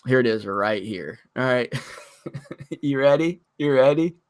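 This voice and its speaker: A man hosting a casual livestream, reading chat and ranting excitably, swearing freely as he talks. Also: mid-range voice, unhurried, no echo.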